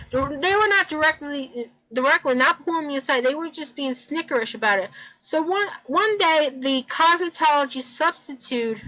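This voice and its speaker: A woman's voice: sits high, pushed and bright, low-quality recording. A young woman telling a rambling personal story in casual chat, repeating herself and swearing.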